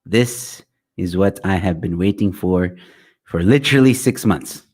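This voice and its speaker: A man's voice: deep voice, a little slow, a little mellow, husky. A young man hosting a casual livestream chat, jokey and rambling as he plugs his channel, on a good microphone. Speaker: livestream host. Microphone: good quality microphone.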